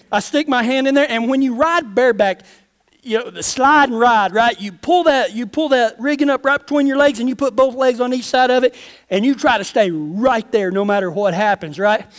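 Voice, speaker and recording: A high-pitched man preaching in a loose, folksy storytelling way. He is a pastor who rambles through a personal tale and acts out the voices of the people in it. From Texas. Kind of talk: storytelling sermon with closing prayer.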